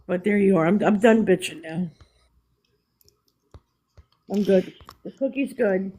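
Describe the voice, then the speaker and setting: A woman's voice: medium pitch, unhurried, dark tone, breathy edge, low-quality recording. Chatty woman with a New York accent. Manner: chatty, candid, with restarts and laughs. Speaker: live stream host. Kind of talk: casual chat on a live stream.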